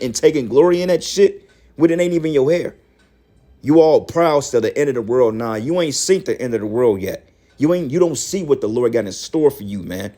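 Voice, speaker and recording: A man giving heated, profane preaching commentary, scolding his listeners and rising to shouts. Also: mid-range voice. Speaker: religious commentator.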